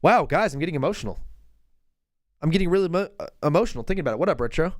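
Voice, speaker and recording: A man hosting a live basketball call-in show, talking in an excitable, joking, rambling way. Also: a little high, racing, dry recording. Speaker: host.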